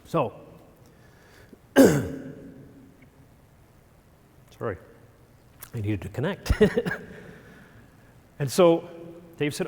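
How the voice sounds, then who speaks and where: A middle-aged man giving a storytelling talk on stage, animated and self-deprecating. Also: on the high side, extremely slow, gravelly, pauses often. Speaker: speaker. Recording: long hall reverb.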